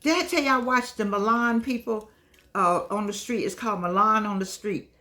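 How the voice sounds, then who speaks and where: An older woman vlogs for her viewers in a lively, affectionate way, drifting from one aside to another. She has a mid-range voice and talks at a moderate pace.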